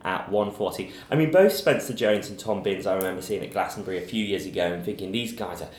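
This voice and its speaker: A man's voice: deep voice, fast, a little mellow, echoey room. A man hosting a radio preview show, reading out listings in a casual way.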